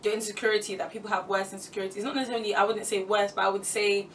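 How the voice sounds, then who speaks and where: A woman's voice: mid-range voice, level tone, very fast. A woman on a Christian talk panel, talking in an earnest, encouraging way during casual chat. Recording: distant mic, faint room noise.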